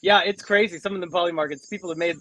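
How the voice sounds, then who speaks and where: A man's voice: sits high, fairly even intonation, racing, pushed and bright, poor audio. A man co-hosting a casual podcast, rambling with many restarts and fillers. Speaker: co-host.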